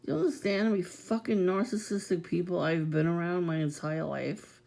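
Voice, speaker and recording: A woman talks straight to her viewers in a loose, profane rant and laughs often. Her voice is gravelly and low, with a dark, mellow tone. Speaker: vlogger. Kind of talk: casual rant to camera.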